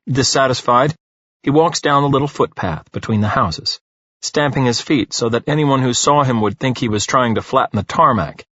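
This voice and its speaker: A man reading an audiobook in a measured, dry storytelling manner. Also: medium pitch, fairly bright tone, no room sound, dull audio. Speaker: audiobook narrator. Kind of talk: scripted audiobook narration.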